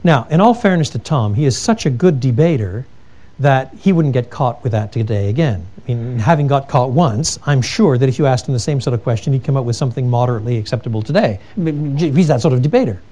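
A man's voice: mid-range voice, lively intonation, fast, warm tone. A man giving an earnest theology lecture, telling stories with emphatic repetition and frequent restarts. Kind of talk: lecture with told anecdotes.

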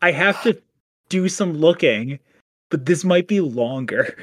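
A podcast co-host in casual chat, lively and chatty with quick asides. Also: mid-range voice, dry recording, clean studio sound.

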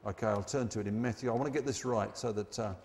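A man preaching a sermon, emphatic, slowing down and dropping low on key phrases. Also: creaky, a little mellow, in a large hall, a little hiss or hum.

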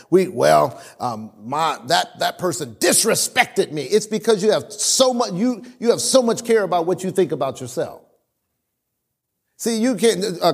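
Man, pastor, church sermon, animated, repeats himself, loud bursts and quiet asides. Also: sits high. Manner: animated preaching, swings between loud emphasis and quiet asides; repeats words and restarts often.

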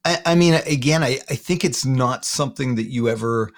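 A man, a guest in an interview, retelling a painful personal story haltingly, often repeating words. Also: medium pitch.

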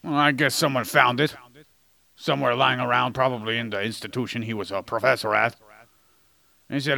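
Gravelly, bright-voiced man joking around. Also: mid-range voice, steady tone, fairly quick, long pauses. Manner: jokey, goofy asides. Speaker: podcast co-host. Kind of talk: casual chat. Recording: poor audio quality.

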